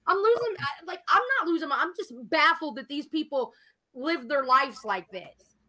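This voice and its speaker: A woman's voice: sits high, lively intonation, normal speed, bright, forceful tone. A woman venting angrily and profanely in a casual livestream chat. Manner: profane, heated, ranting. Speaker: livestream guest.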